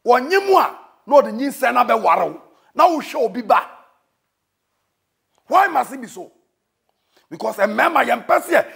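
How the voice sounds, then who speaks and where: A man with a Ghanaian accent giving a dramatic, scolding comic sermon that bursts into shouting. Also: extremely high pitch, gravelly, husky. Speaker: preacher.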